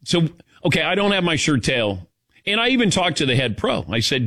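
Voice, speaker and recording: A man's voice: fairly high pitch, fairly quick. A man hosting a talk radio show, telling a rambling story casually with lots of fillers. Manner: rambling, animated, many fillers.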